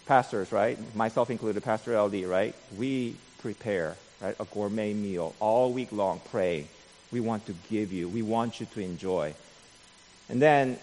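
A man's voice: medium pitch, measured pace. Preaching pastor man in a reverberant hall. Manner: swings from quiet musing to loud emphatic preaching; frequent tag "right?". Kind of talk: sermon.

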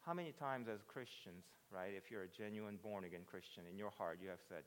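A man preaching a sermon, moving between hushed reflection and loud, excited retelling. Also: fairly low pitch, fairly quick, hardly any pauses. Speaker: pastor. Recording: preached in a reverberant hall.

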